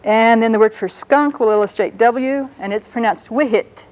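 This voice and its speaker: A woman's voice: on the high side, darkish tone, low-quality recording. Woman patiently explaining pronunciation. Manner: patient, explanatory, slows down to pronounce words carefully. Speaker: language lecturer. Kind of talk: educational lecture on a public-access show.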